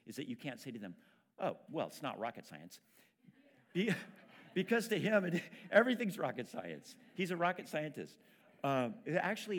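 A man preaching a sermon as pastor, talking in a conversational way with frequent restarts. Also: on the low side.

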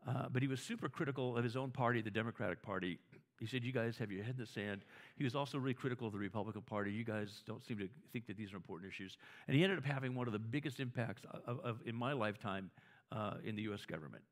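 A man's voice: mid-range voice, fast. A man preaching a conversational sermon, telling stories, often restarting his words and asking the audience whether they agree. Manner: storytelling, asks the audience for agreement; frequent restarts and repeated words.

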